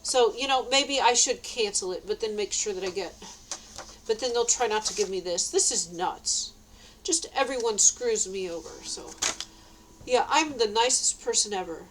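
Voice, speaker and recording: A woman's voice: mid-range voice, moderate pace, background noise. A middle-aged woman ranting to camera, agitated and swearing, rambling with many restarts. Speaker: vlogger.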